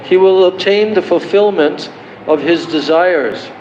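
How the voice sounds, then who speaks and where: A man giving a devotional lecture, slowly explaining and chanting song verses as a spiritual teacher. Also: high voice, darkish tone, slight background noise. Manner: slow and deliberate, chanting verses. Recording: roomy, dull, lo-fi livestream.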